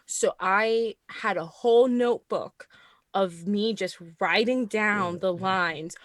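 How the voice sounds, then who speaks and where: A woman chatting casually on a live stream, telling a story with animated quoted asides. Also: medium pitch, slow, no echo. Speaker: panelist.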